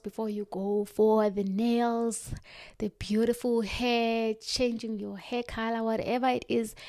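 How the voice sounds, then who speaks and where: A woman giving a motivational self-help talk, earnest and direct, slowing down for firm emphasis. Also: on the high side, darkish tone, dry recording, studio quality.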